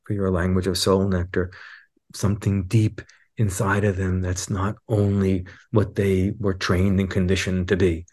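Animated low-voiced man telling stories. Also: a little slow. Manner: animated storyteller, acts out quotes with raised pitch. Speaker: guest teacher. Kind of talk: reflective podcast conversation.

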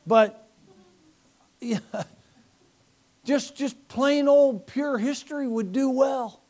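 A man preaching a sermon as pastor, animated and sarcastic, swinging from loud preaching to quiet asides. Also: very high voice, slow pace. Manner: mocking, sarcastic humor.

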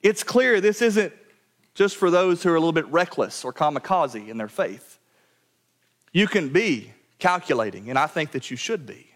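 A man preaching a sermon to his church, earnest and direct, often dropping to a quiet low voice to drive a point home. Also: lively intonation, moderate pace. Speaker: pastor. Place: church sanctuary.

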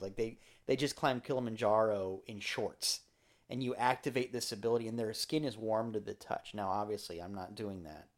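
A man's voice: on the low side, darkish tone. Male podcast co-host, loose and playful, rambles through casual banter. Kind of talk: casual chat.

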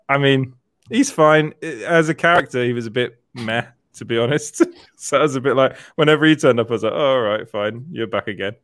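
A man's voice: mid-range voice, fairly bright tone, no room sound, clean studio sound. Laughing man reading live chat. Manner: laughs often, reads out comments. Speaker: podcast co-host reading chat. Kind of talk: casual live-stream chat.

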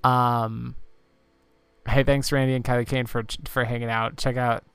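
Creaky-voiced sleepy male podcast host. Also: medium pitch, moderate pace, dry recording. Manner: rambling, relaxed, many fillers. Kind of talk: casual game playthrough chat.

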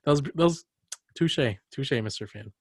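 A man's voice: medium pitch, lively intonation, moderate pace, dry recording, clean studio sound. A young man hosting a casual podcast chat, telling rambling stories full of fillers and laughs. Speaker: podcast host.

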